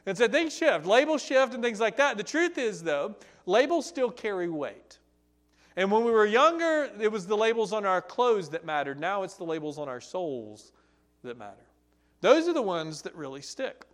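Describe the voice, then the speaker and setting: A man preaching a sermon, telling a Bible story in an animated, conversational way. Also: sits high, moderate pace. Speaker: pastor.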